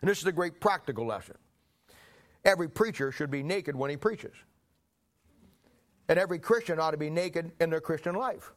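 An older man preaching a sermon, telling folksy stories and clearing his throat often. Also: fairly high pitch, expressive, fairly quick, pauses often. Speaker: pastor. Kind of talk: sermon with personal anecdotes.

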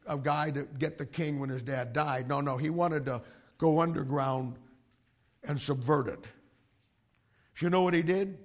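Gravelly, emphatic male pastor. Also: a little high. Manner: emphatic and animated, with frequent restarts. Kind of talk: sermon to young ministry students.

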